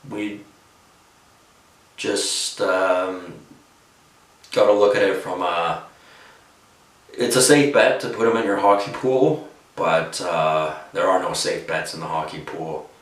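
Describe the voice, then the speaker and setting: A man's voice: sits low, takes it slowly, pauses often, distant mic. A man giving his hockey opinions in casual, rambling talk, full of fillers. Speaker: hockey commentator. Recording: echoey room, voice off-mic.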